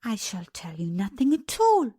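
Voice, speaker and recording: Woman doing a calm stubborn little princess. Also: on the high side, normal speed. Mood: quietly firm. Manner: quiet, dignified, proper.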